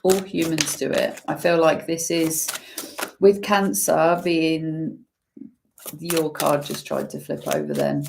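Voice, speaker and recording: A woman giving an intuitive tarot reading, musing slowly and using many fillers as she talks through the cards. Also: low voice, steady tone, creaky, background noise. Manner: slow, musing, full of fillers. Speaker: tarot reader.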